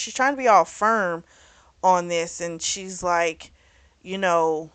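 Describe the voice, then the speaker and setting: A woman hosting a book club channel, recapping a novel's plot in a blunt, animated way, swearing and laughing now and then. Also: lowish voice, slow pace, clean tone, no echo. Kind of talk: casual book recap and review.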